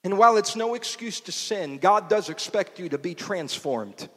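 Male preacher, high voice, rhythmic repeated lines rising to shouts, long hall reverb. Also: lively intonation, moderate pace. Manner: rhythmic repetition building to shouts. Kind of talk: sermon. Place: portable church.

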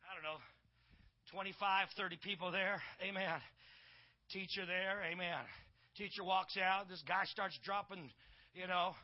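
A man's voice: high-pitched, highs cut off. A middle-aged man preaching a sermon in a church, folksy, sprinkling amen and praise God through his talk. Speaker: pastor.

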